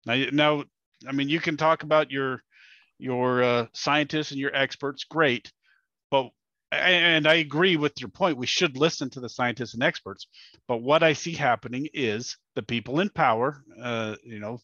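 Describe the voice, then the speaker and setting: Bright-voiced man arguing bluntly. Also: mid-range voice, moderate pace, dry recording. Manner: blunt, insistent. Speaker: podcast co-host. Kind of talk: casual debate. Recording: dull dry recording.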